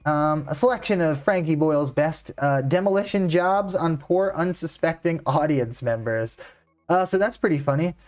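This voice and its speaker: A man's voice: on the high side, normal speed, darkish tone, faint music behind. An American man hosting a reaction video, chatting casually in a laid-back way with lots of fillers. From United States.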